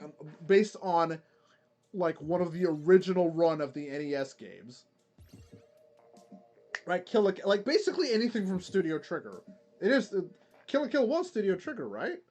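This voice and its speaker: Gaming on stream, this man chats in a loose, rambling way full of fillers and false starts. He speaks on the high side with a darkish tone.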